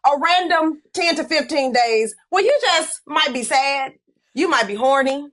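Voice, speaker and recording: High-voiced playful woman podcast host. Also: moderate pace, fairly bright tone. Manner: playful, joking, laughs often. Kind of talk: casual chat.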